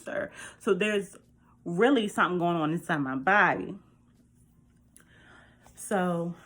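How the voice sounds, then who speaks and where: A woman vlogger telling a personal story to camera in a chatty, animated way, speaking straight to her viewers. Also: lowish voice, slightly rough.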